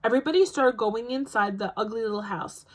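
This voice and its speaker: High-voiced teacher reading a story aloud. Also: female voice, fairly quick, low-quality recording. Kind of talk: reading a novel aloud to a class.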